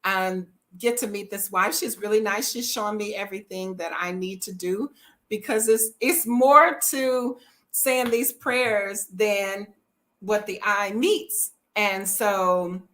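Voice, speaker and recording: A middle-aged woman, chatting to viewers in a lively storytelling vlog and laughing often. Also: mid-range voice. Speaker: travel vlogger.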